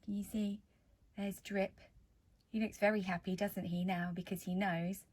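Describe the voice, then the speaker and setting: A woman teacher reading a picture book to children, gentle and asking them questions. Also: mid-range voice, little pitch movement, moderate pace.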